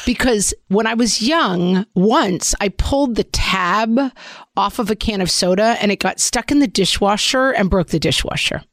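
A woman in her forties co-hosting a podcast, telling stories in a brisk, wry way. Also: medium pitch, a bit bright, dry recording, clean studio sound. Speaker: podcast co-host. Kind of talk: casual podcast chat.

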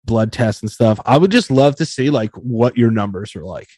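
A man's voice: medium pitch, expressive, moderate pace, a little mellow, husky, no room sound. A man co-hosting a casual live podcast, swearing freely, laughing often and acting out what other people said to him. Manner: profane, laughs often, acts out quotes. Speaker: podcast co-host. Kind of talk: casual live-show banter.

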